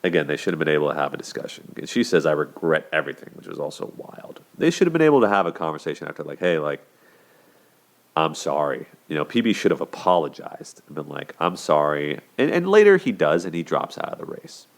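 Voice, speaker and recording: Very deep-voiced man talking casually. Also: huge pitch swings, fast, vocal fry, few pauses. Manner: conversational, many "you know" and "like" fillers and restarts. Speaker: host. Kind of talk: casual commentary on relationships.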